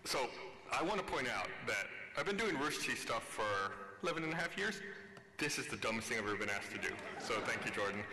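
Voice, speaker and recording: A man's voice: mid-range voice, sing-song, brisk. A man on a convention panel, speaking casually with dry, wry humor. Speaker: panelist, longtime company regular. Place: large convention hall. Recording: echoey convention hall.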